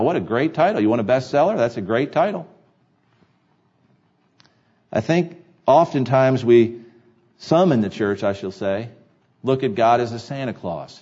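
Male pastor, mid pitch, mellow tone, earnest sermon delivery, dull recording. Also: lively intonation, moderate pace. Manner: earnest preaching, repeats key phrases for emphasis. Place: church sanctuary.

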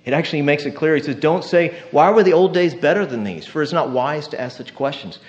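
Animated male pastor preaching. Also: a little high, brisk, dull audio. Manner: animated preaching, acts out quoted voices, swings loud to hushed. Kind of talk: sermon.

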